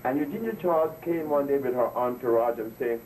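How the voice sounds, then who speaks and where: A man's voice: medium pitch, brisk, a little mellow. A man addressing an audience in an impassioned lecture, preachy and emphatic, repeating words for emphasis. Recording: distant mic with faint noise.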